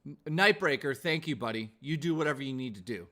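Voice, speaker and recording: A man's voice: medium pitch, lively intonation, quick pace, a bit bright. A man hosting a live stream, talking earnestly and motivationally to his viewers, cursing freely and losing his voice. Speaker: streamer host. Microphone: desk mic.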